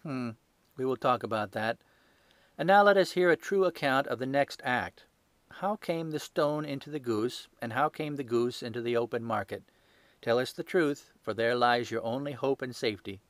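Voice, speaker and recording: A man voicing a sharp, commanding gentleman detective who speaks coolly, sternly and precisely. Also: mid-range voice, moderate pace, dry recording, lightly acted.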